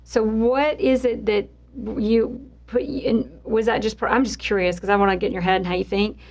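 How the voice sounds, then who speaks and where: A woman's voice: mid-range voice, steady tone, normal speed. A woman hosting a podcast interview, asking long winding questions with a joking, curious manner. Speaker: podcast host. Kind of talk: conversational interviewing.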